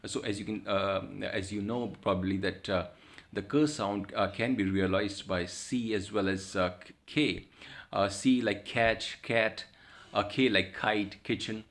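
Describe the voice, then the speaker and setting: Guy with a really low voice teaching a class, lots of uhs and restarts. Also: steady tone, a bit bright. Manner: halting, many filler sounds. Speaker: university lecturer. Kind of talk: recorded lecture.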